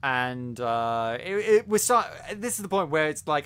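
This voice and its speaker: Bright-voiced man, rambling. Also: medium pitch, moderate pace, smooth. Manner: animated, rambling with many restarts. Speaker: podcast co-host. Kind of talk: casual review chat.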